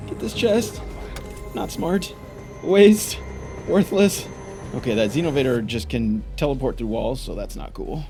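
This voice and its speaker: A man's voice: medium pitch, darkish tone. A young man giving frantic, frustrated commentary while playing a game. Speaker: gaming YouTuber. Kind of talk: gameplay commentary.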